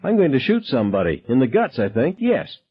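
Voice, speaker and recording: Guy doing a wild high-pitched teen gunman, screaming questions, husky, lo-fi audio. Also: big pitch swings, a little fast. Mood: shrill, menacing. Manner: high, shrill interrogating shouts. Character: frantic male teen gunman, shrieking questions. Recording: dull lo-fi sound.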